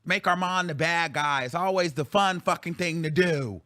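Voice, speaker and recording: A man's voice: fairly high pitch, normal speed, sharp tone, no echo, clean studio sound. A man hosting his own show, ranting bluntly and profanely in heated commentary. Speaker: talk show host.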